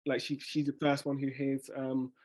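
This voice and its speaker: A man's voice: medium pitch, monotone, moderate pace, darkish tone. A man, a spoken word poet, casually teaching a workshop and thinking aloud as he reads out and reworks his own lines.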